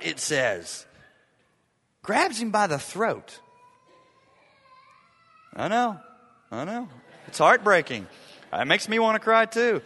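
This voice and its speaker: Man preaching, somewhat high-pitched, bright tone, dramatic delivery, loud then hushed, echoing hall. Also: very animated, slow, long pauses, husky. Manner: dramatic, swinging from loud urgency to hushed near-whispers. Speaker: pastor. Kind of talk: sermon. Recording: long reverb of a large hall.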